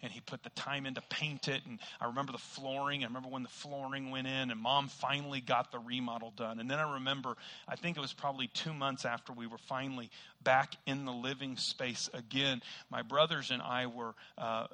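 Middle-aged man, preacher, bright ringing voice, folksy and self-mocking, loud bursts. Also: medium pitch, level tone, brisk, few pauses. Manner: folksy, self-deprecating storytelling with sudden loud outbursts. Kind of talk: sermon with personal story.

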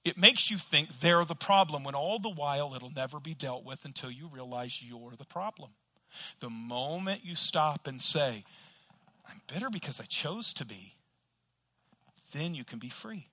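Bright, emphatic high-voiced preacher. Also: male voice, normal speed, no room sound. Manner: emphatic, rhetorical questions, acts out dialogues. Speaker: pastor. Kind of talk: sermon.

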